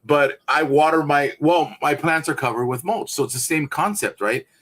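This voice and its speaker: A man's voice: a little high, moderate pace, fairly bright tone. A man who teaches gardening, a guest on a casual livestream chat, rambling and enthusiastic with lots of restarts.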